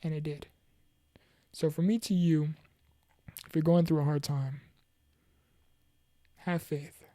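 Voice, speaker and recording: A woman with a low, mellow voice speaks earnestly about her own mental health struggles. She pauses and restarts often, and she urges faith in a heartfelt, encouraging way. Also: fairly even intonation, no room sound, studio quality. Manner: preachy, faith-focused encouragement. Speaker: motivational speaker. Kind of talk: personal mental health testimony.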